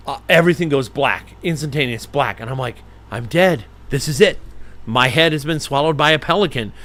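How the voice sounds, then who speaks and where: A middle-aged man telling a story to a live-stream audience, animated and acting out the voices of the people in it. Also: on the high side. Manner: animated, acts out voices in his stories. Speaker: falconer hosting a live stream. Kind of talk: casual storytelling.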